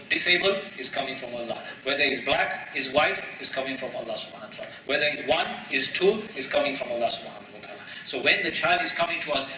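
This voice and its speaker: A man's voice: mid-range voice, sharp tone, a little hiss or hum. A man preaching in a mosque, emphatic, asking rhetorical questions and repeating key phrases, with Arabic terms mixed in. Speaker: imam giving a mosque talk. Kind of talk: sermon. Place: mosque prayer hall. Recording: echoey hall, voice from a distance.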